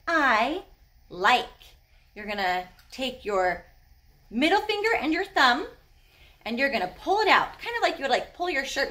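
Woman, children's sign language teacher, high voice, lively pitch, encouraging, animated. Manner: animated, encouraging, gasps with delight.

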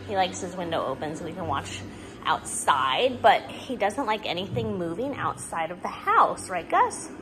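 A woman's voice: on the low side, big pitch swings, normal speed, music in the background. A woman introducing her dogs in a casual pet vlog, talking to them in affectionate baby talk at home. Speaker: dog owner.

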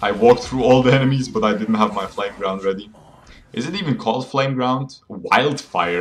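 Laid-back low-voiced male game streamer. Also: normal speed. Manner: laid-back, chatty, laughs often, reads chat aloud. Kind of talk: casual live-stream chat with viewers. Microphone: phone game audio with voice mic.

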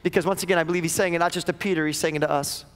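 A man's voice: a little high, fairly even intonation, very fast. A male pastor preaching a sermon to his church, emphatic and asking question after question. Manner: emphatic, repeats questions, acts out voices he quotes. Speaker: lead pastor. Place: church sanctuary. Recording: long reverb of a church hall.

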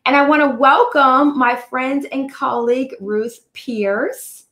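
A woman's voice: sits high, takes it slowly, bright, forceful tone, echoey room. A woman hosting a livestream, chatty and upbeat, greeting viewers by name. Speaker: host. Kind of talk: livestream chat.

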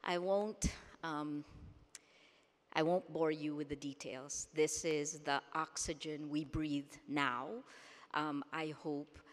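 Low-voiced woman speaking in a reverberant hall. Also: steady tone, slow. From Philippines. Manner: emphatic and earnest, repeats words for stress. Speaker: keynote speaker. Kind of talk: conference keynote speech. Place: large conference hall. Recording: long reverb of a large hall.

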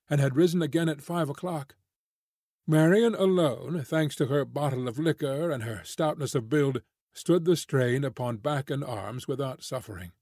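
A man reading a classic novel aloud as an audiobook narrator, measured and clear. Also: mid-range voice, a little mellow, no echo, clean studio sound.

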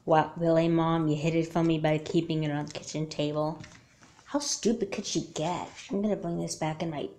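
A woman voicing a young girl doll character who is obsessed with her laptop, in a home-made doll movie, her voice shooting high and loud when she panics. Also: fairly even intonation, moderate pace. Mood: sleepy, sneaky.

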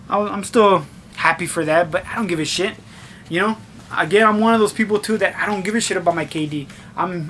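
A young man with a high, bright voice rants casually to his camera. He swears constantly and acts out his own reactions. A faint hiss sits under the recording. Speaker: vlogger. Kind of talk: casual profane rant to camera.

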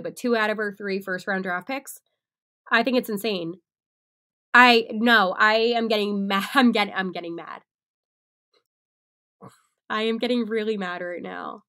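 A young woman hosting a solo sports podcast, animated and excitable, often laughing at herself. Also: a little high. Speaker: podcast host.

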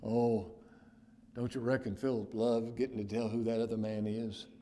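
A man gives a pastoral sermon at medium pitch with a level tone, and a little hiss or hum runs under the audio. He alternates emphatic, loud declarations with hushed near-whispers, drawing out key phrases with slow, heavy emphasis.

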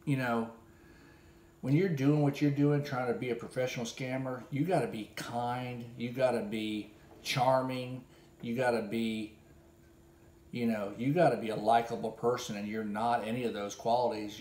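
A man's voice: medium pitch, fairly even intonation, normal speed, reverberant. A man delivering a sarcastic, scolding critique monologue as host of a gambling video channel. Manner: sarcastic and scolding, with bursts of loud mimicry.

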